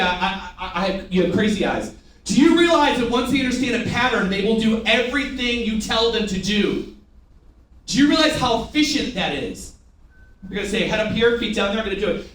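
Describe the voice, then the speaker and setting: High-voiced man leading echoey sales training. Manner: energetic, rhetorical questions, call-and-response with the room. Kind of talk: live sales training demonstration. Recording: echoey room from far off, faint noise.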